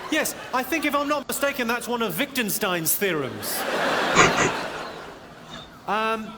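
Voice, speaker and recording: A man doing stand-up comedy, trading quick, cutting put-downs with people in the audience at a live show. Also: extremely high pitch, sing-song, heavy background noise. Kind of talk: stand-up crowd work. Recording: live show recording with loud crowd. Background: loud audience laughter.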